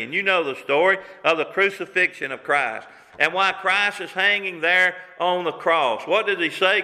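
A man in his sixties, a pastor preaching a sermon in a folksy cadence, slowing down and dropping low when he quotes scripture. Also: pushed and bright. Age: 60s. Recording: long reverb of a large room.

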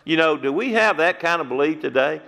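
A pastor preaches with a bright, forceful man's voice, sitting a little high in pitch. He piles up rhetorical questions and repeats his phrases, slowing down to press key words. A long church-hall echo trails after him. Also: lively intonation, creaky. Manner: repetitive preaching, rhetorical questions, slows for emphasis. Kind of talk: sermon.

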